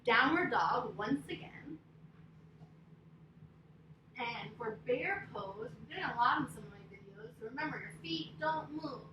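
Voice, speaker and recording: A woman leading young children through an interactive story and yoga lesson, expressive and prompting them to repeat after her. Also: a little high, measured pace, pauses often. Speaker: preschool teacher leading kids' yoga. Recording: echoey, distant, noisy room.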